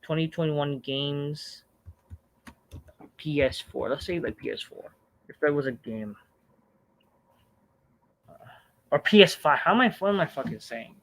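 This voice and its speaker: A man hosting a live stream, answering viewer questions in a rambling, profane, animated rant with sudden loud outbursts. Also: on the high side, measured pace, pauses often.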